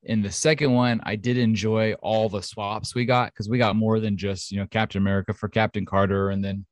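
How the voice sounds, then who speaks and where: A man co-hosting a podcast in casual chat, chatty, excitable and jokey. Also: on the low side, a little fast, no room sound. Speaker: podcast co-host.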